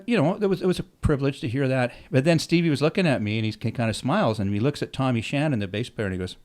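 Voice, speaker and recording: A middle-aged man tells stories on his podcast in a relaxed, casual way. His voice sits at an ordinary middle pitch, and he swears freely. He acts out the dialogue of the people in his stories with lively energy. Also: quick pace, hardly any pauses. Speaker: musician telling stories on his own podcast. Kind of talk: casual storytelling.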